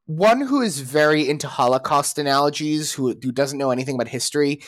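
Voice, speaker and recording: A man's voice: on the high side, brisk, dry recording. A man co-hosting a casual podcast, talking through opinions in a rambling way with frequent restarts and fillers. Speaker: podcast co-host.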